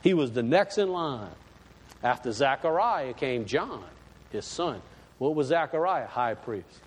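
A man's voice: mid-range voice, lively intonation, a little slow, a little hiss or hum. A man preaching a sermon in a folksy, storytelling way with sudden emphatic swells. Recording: echoey hall.

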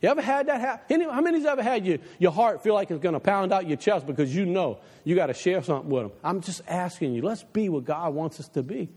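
A male pastor delivers an impassioned sermon, his voice swinging widely from low, hushed asides to soaring high exhortations. The reverb of a big church hall hangs behind every line. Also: expressive, fast talker, hardly any pauses, slightly rough. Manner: impassioned preaching, drops low for quoted advice. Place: church sanctuary.

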